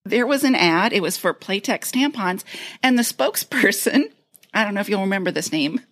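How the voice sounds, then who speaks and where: A woman's voice: mid-range voice, animated, moderate pace, a bit bright. A woman co-hosting a podcast, teasing her co-hosts with counted stats and laughing easily. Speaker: podcast co-host. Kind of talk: casual chat.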